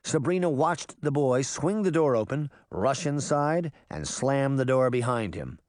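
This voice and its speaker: Male audiobook narrator, animated and a touch high, dry close recording. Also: unhurried, dry recording. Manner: lively storytelling voices. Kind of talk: scripted narration.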